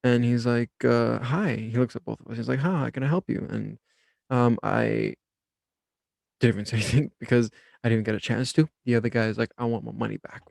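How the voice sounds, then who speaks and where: A young man hosting a podcast, telling a work story and explaining self-help ideas in a relaxed, rambling way with many fillers. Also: mid-range voice, fairly quick, gravelly, no echo. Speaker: podcast host.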